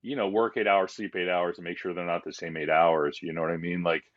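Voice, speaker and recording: A man's voice: low voice, little pitch movement, a little fast, highs cut off. A man talking as a guest on a podcast, speaking candidly and rambling with frequent fillers and restarts. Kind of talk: casual conversation.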